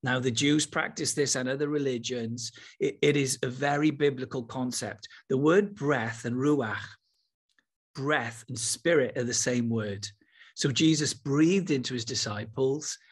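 Husky man leading guided meditation. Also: mid-range voice. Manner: enthusiastic, then slow and soft when guiding. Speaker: spiritual teacher.

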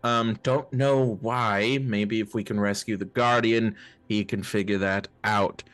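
Guy at a tabletop rpg, slow, lots of ums. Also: fairly low pitch, fairly even intonation, a bit bright, dry recording. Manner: hesitant, filler-heavy. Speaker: player. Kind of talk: casual tabletop game chat.

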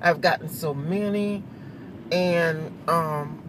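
Woman vlogger, chatty and rambling, recorded on a phone in a car with clear road noise behind. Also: low voice, slow. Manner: rambling, chatty, laughs often. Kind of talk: casual chat. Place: in a car in traffic.

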